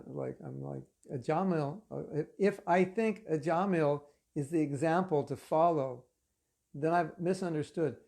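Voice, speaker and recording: A man giving a spiritual lecture to an online class, telling stories in an animated, conversational way with casual fillers. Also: on the high side, creaky. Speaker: spiritual teacher.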